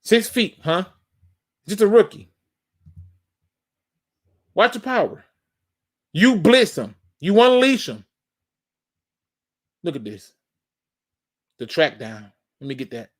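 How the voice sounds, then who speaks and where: A man's voice: high-pitched, sing-song, slow pace, pauses often. A man hosting a live sports talk show, emphatic and fired-up, breaking down game film and talking straight to his audience. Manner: addresses the audience as "y'all". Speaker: host.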